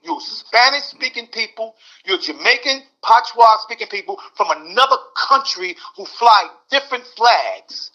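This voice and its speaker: A man's voice: high voice, expressive, measured pace, bright, forceful tone. A man in his sixties arguing heatedly as a podcast guest, mimicking voices and repeating words. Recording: dull lo-fi audio.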